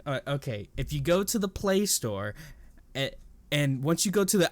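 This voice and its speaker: A young man co-hosting a podcast, telling a customer story in animated casual chat, laughing often. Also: fairly high pitch, moderate pace, no echo. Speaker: podcast co-host.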